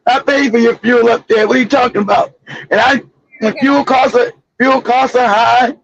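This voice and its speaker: A man hosting a casual chat, telling a long story in an animated, profane way with many restarts. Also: very high-pitched, moderate pace, vocal fry, no echo, highs cut off. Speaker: show host.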